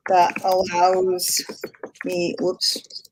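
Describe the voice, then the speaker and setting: A woman with a lowish, monotone voice speaks very slowly over a little hiss or hum while hosting a casual live stream. Chatty, giggly and self-deprecating, she talks as she works on screen, picked up by a computer mic during screen sharing.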